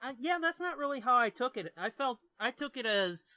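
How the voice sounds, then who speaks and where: Man, podcast co-host, casual chat, swears a lot, high voice, dry sound. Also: very animated, a little fast, pushed and bright, dry recording. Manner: laid-back, swears freely, laughs easily. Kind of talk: casual comic-book review chat.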